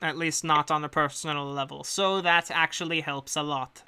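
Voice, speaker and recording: A woman's voice: sits low, steady tone, sharp tone, clean tone. A woman voicing a composed, secretive female patron who speaks formally with a put-on accent. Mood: guarded. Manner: formal, measured, polite speech in a put-on accent. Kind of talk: in-character tabletop narration.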